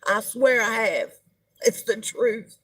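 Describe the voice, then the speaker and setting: A woman's voice: fairly high pitch, takes it slowly, fairly bright tone, husky. A middle-aged woman, hosting a casual live-stream gossip chat and greeting viewers as she talks. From United States. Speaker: livestream host.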